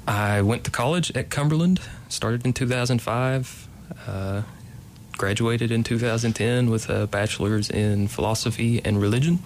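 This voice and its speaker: A man's voice: mid-range voice, moderate pace, slight background noise. A man in his late twenties from Kentucky, a playwright guest in a casual interview, talking hesitantly with many ums and restarts. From Kentucky, USA.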